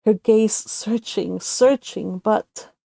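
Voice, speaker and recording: Mellow-voiced woman narrating a story. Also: mid-range voice, slow, vocal fry, no echo. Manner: soft, emotive, with occasional self-corrections. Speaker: fanfic author and reader.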